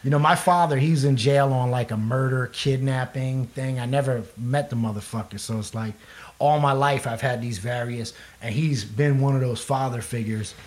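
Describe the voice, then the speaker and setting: A man's voice: medium pitch, moderate pace. Casting: young male musician, loose and profane, rambling storyteller in a casual chat. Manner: profane, rambling, laughs often. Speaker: guest musician.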